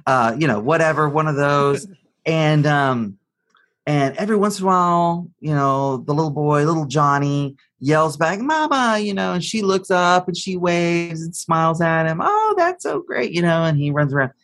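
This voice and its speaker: A man's voice: on the high side, fairly even intonation, normal speed, a bit bright. A man answering as an expert guest in an interview, explaining psychology through a story he tells step by step. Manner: storytelling, acts out the quotes of the figures in the story.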